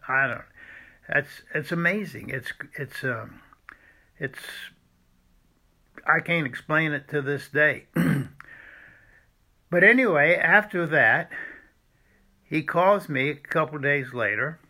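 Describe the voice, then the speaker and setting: A man recounts a personal church story. His voice is bright and forceful, and his delivery is halting, with many restarts and frequent throat-clearing. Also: on the high side. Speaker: former seminary student telling a church story.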